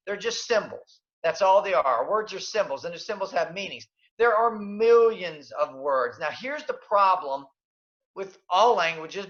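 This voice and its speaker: A man's voice: high voice, bright, forceful tone. A man presenting a communication workshop by webinar, speaking emphatically with fillers, restarts and repeated key points. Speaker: leadership coach and webinar presenter. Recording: dull lo-fi webinar audio.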